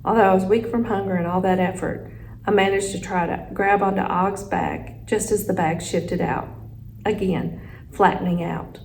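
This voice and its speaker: A woman teacher reading a children's chapter book aloud with expressive storytelling. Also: mid-range voice, moderate pace, a little hiss or hum, poor audio.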